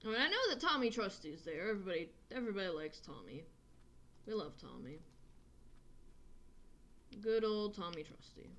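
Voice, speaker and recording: A woman's voice: mid-range voice, big pitch swings, moderate pace, long pauses, a bit bright. A woman streaming a game, chatting casually in a crude, rambling way and laughing often. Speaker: gaming streamer. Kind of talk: casual gameplay commentary.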